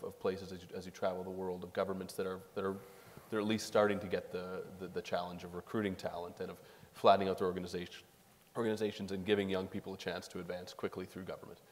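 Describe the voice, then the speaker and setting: A man moderating a lecture, asking questions in a halting way with many fillers. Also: deep voice, darkish tone. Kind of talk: interview questions. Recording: echoey lecture hall.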